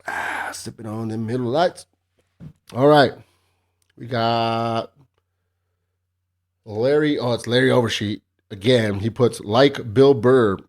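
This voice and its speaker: A man's voice: medium pitch, slow, pauses often. A man hosting his own podcast solo, chatting casually in a profane, rambling, sarcastic way. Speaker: podcast host.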